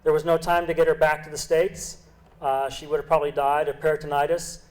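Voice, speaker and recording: A man's voice: fairly high pitch, little pitch movement, fairly quick, rough recording. A middle-aged man, a senior Navy medical officer, giving an earnest public lecture with emphatic repetition. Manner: earnest, emphatic speech with repeated phrases. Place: club lecture hall.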